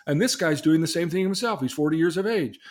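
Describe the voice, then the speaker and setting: Speaking fast with a slightly high pitch and lively intonation, a middle-aged man draws a religious lesson for his daughter from his own life. His manner is earnest, full of questions and acted-out quotes.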